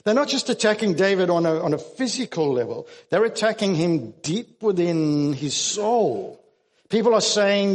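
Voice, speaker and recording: A man's voice: high voice, sing-song, normal speed, long reverb tail. A man preaching a sermon as pastor, earnest and emphatic, often restarting his words.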